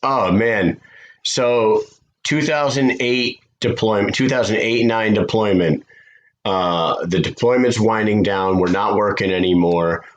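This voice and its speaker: A man from the United States, co-hosting a podcast and telling stories in a loose, profane, animated way. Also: on the low side, measured pace, low-quality recording. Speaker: podcast co-host. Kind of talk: casual chat.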